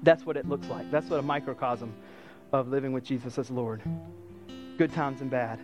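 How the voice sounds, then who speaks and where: A man preaching a sermon in an animated way, acting out the quoted lines of the story. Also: medium pitch, moderate pace, music in the background. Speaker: pastor.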